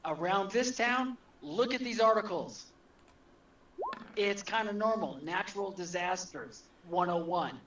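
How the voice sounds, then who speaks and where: A man playing a tabletop horror game, joking in character as a timid gentleman. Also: high-pitched, lively intonation, a little slow, slight background noise. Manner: joking, cowardly character talk. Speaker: player. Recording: dull, lo-fi sound.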